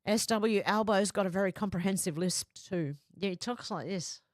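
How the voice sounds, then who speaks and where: A woman with a medium-pitched voice, speaking at normal speed, hosts a live stream and reads viewers' comments aloud in a flat running voice, tossing in asides and chatting back casually. The studio sound is clean with no echo.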